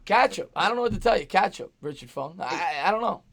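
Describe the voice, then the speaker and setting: A hoarse man hosting a live sports stream, calling plays and thanking chat donors. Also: high-pitched, expressive, fast, a bit bright. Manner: upbeat, reads out super chats and calls plays. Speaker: host. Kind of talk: live play-by-play stream with chat shout-outs.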